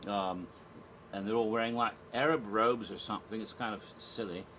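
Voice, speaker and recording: Bright-voiced chatty man. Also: fairly low pitch, fairly even intonation, normal speed, slight background noise, poor audio. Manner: chatty, rambling, with restarts and chuckles. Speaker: theme park reviewer. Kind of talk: casual spoken review.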